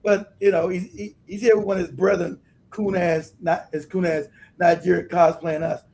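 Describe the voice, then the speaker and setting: A man hosting a livestream, delivering emphatic, animated commentary and laughing often as he talks. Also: high voice, moderate pace, vocal fry. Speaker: livestream host.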